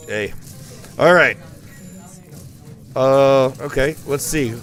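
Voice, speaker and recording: A man's voice: mid-range voice, moderate pace, long pauses, soft background music. A man giving rambling, playful live commentary on a school esports match. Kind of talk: joking live game commentary.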